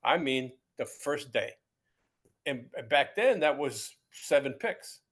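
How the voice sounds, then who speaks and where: A man's voice: medium pitch, expressive, slow pace, slightly rough. A man in his seventies, a former pro football player, telling stories in a casual interview with many restarts and repeated words. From United States.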